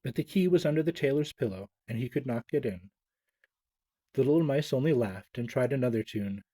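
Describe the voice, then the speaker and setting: Mellow guy reading a kids' story, gentle, dry recording. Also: mid-range voice, fairly quick, no echo. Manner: gentle, expressive reading with small stumbles.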